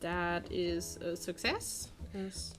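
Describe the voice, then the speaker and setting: A woman's voice: on the low side, lively intonation, drawn-out words, music in the background. A woman playing in a tabletop game, hesitantly describing what her character does. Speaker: player. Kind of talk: tabletop role-play.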